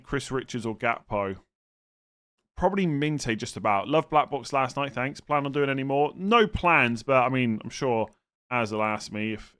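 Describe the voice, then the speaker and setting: A man's voice: mid-range voice, fairly bright tone, clear, resonant tone. A man chatting casually on a live stream, thinking aloud and answering viewers' questions, often hesitant and now and then exasperated. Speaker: fantasy football streamer answering chat.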